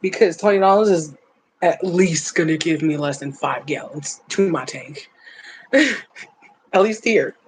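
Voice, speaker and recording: A woman runs a livestream, reading chat and talking casually with viewers in a playful, blunt, teasing manner while laughing often. Her voice sits low and moves a little slowly. The low-quality recording has a slight hiss or hum.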